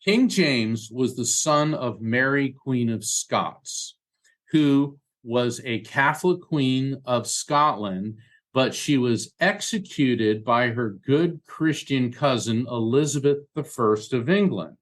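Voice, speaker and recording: A man talking in a relaxed interview, telling stories and explaining history with lively asides. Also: mid-range voice, slow pace. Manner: animated storyteller, acts out voices in quotes. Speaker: guest, medium and lecturer. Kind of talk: casual conversation.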